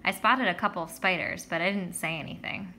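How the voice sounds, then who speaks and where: A woman narrating a children's story in the first person with a lively, expressive reading. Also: fairly low pitch, brisk, slight background noise. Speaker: audiobook reader.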